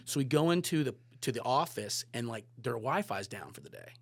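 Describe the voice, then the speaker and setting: A man telling a story as a podcast guest, lively, swearing, moving from loud bursts to hushed asides. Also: medium pitch, fairly quick, creaky, dry recording. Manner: animated, swearing, swings between loud and hushed. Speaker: guest photographer and director. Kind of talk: casual storytelling.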